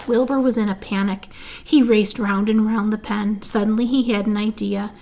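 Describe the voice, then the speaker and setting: A woman narrating a children's storybook in a clear, measured way. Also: mid-range voice, steady tone, a little mellow. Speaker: reader. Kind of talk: storybook reading.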